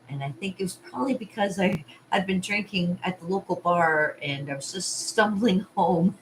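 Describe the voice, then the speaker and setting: A woman's voice: fairly low pitch, slight background noise, rough recording. A woman hosting a casual vlog from her art studio, chatting in a rambling way with frequent laughs and asides. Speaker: party artist and vlog host.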